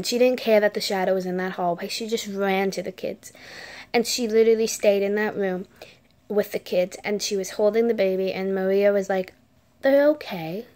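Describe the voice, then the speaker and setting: A woman's voice: mid-range voice, darkish tone. A woman vlogger telling a story in a casual way, dropping to a whisper at the tense parts. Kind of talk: story time.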